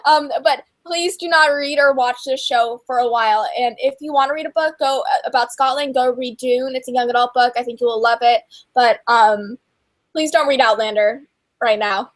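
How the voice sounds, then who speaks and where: A woman's voice: a little high, normal speed. A young woman co-hosting a casual livestream chat, gushing and chatty with lots of fillers. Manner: gushing and chatty, many fillers, laughs often. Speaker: co-host of a book and TV chat livestream.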